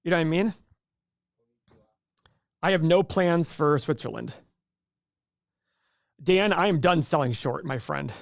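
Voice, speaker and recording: Man, live stream host, chatty, restarts often, fairly high voice, dry sound. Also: lively intonation, measured pace, vocal fry, long pauses, no room sound. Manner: chatty, rambling, frequent restarts. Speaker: livestream host. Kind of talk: casual live stream chat.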